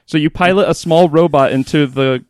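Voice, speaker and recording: A man's voice: on the high side, moderate pace, darkish tone, no room sound. Skeptical man on a dry mic. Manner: skeptical, questioning. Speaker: podcast co-host. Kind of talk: casual chat.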